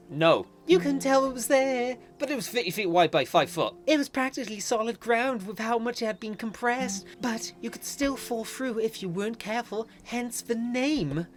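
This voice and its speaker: A woman's voice: fairly high pitch, lively intonation, moderate pace, soft background music. A woman giving chatty, giggly commentary while playing a story game. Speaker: game video host. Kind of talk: casual let's-play commentary.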